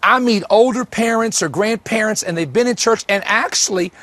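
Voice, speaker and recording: A man's voice: high voice, normal speed, bright, forceful tone, dry recording. A man preaching a sermon, telling stories and repeating key lines for emphasis. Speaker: pastor.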